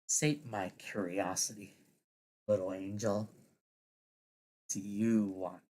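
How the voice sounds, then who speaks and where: A man's voice: on the low side, flat delivery, slow pace, a little mellow. A man voicing a bloodthirsty demon captain in an audio story, taunting in a mocking tone.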